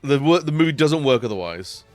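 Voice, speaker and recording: A man's voice: mid-range voice, lively intonation, brisk, darkish tone, no room sound, faint music behind, lightly acted. Man doing a whiny, insistent director. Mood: mock-insistent. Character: mocking take on a male film director, insistent. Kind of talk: casual impression on a live stream.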